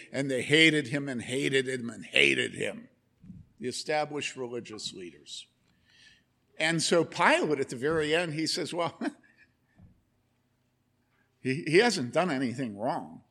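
A man's voice: mid-range voice, expressive, measured pace, gravelly, long pauses, pushed and bright. A man preaching a sermon, telling a story with lots of energy and asking the congregation questions. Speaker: pastor.

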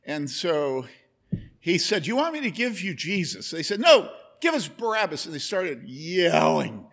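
A man's voice: on the high side, very animated, measured pace, vocal fry, fairly bright tone. A man preaching a sermon, telling a story with lots of energy and asking the congregation questions. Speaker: pastor.

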